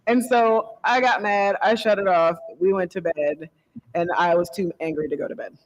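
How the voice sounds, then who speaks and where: A woman on a convention panel telling a story in a casual, animated way and laughing often. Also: mid-range voice, moderate pace, low-quality recording.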